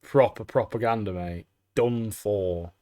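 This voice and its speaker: A man's voice: on the low side, a little slow, over a noisy crowd. A man, co-hosting a podcast and chatting casually in an upbeat way. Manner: upbeat, plugging the channel. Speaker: podcast co-host. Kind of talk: casual chat.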